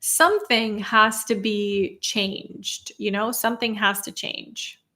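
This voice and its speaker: A woman's voice: mid-range voice, fairly even intonation, takes it slowly, sharp tone. A young woman speaking English as a second language, casually answering viewer questions on a livestream, chatty and laughing often. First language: non-native English speaker. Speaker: content creator answering live chat questions.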